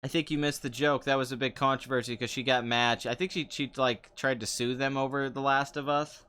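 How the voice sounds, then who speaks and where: A man's voice: medium pitch, fairly even intonation, brisk, sharp tone, clean tone. A young man hosting a casual chat show, answering viewer comments in a sarcastic, rambling way and laughing often. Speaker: podcast host.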